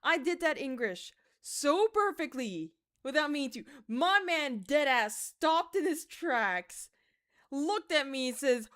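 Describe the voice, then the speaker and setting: Animated young woman streamer. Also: high voice, takes it slowly. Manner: animated, swings from mumbling to excited shouts; swears casually, laughs through stories. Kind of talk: casual livestream chat while gaming.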